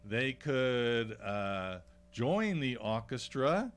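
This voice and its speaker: A male radio host talks in a loose, rambling way, stopping often with "uh" as he hunts for the next point. His voice sits at an ordinary middle pitch for a man. He speaks from a small radio studio. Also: sing-song, very slow. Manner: rambling, hesitant with many fillers. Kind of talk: casual radio chat.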